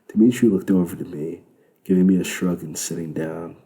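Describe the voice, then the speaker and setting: Very low, gravelly man narrating a novel. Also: fairly even intonation, normal speed, warm tone, poor audio. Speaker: audiobook narrator. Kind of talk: first-person novel narration.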